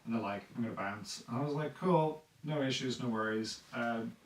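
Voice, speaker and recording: A man's voice: medium pitch, moderate pace, roomy sound, recorded from a distance, low-quality recording. A man chatting casually on a podcast about running tabletop games, rambling with lots of fillers and acting out players' lines. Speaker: dungeon master guest.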